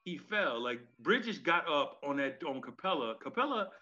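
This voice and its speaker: A man co-hosting a sports podcast, jokey and animated, often laughing. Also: on the high side, normal speed. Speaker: podcast co-host. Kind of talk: casual sports chat. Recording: dull lo-fi mic.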